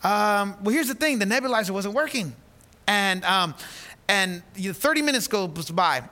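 A high, bright-toned man in his thirties preaches with an animated storyteller's delivery. He acts out the people in his story and stumbles over repeated words as he restarts, and his voice has a sharp edge. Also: normal speed. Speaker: pastor. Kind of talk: sermon storytelling.

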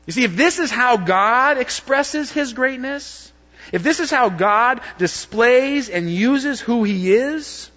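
A man preaching a sermon, swinging between loud, emphatic lines and hushed, soft ones. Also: extremely high pitch, lively intonation, slow. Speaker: pastor. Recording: dull lo-fi sound with long hall reverb.

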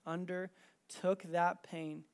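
A preacher giving a sermon and reading scripture aloud, dramatic in delivery, moving between loud, emphatic passages and hushed, quiet ones. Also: medium pitch, little pitch movement, drawn-out words.

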